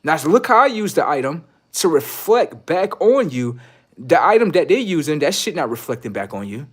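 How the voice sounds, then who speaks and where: Brief: man streamer, fairly high voice, blunt and profane, lectures the audience, jumps from loud bursts to quiet asides. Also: normal speed, husky. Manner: animated, swings between loud outbursts and low mutters. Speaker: livestreamer giving relationship advice. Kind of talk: casual livestream monologue.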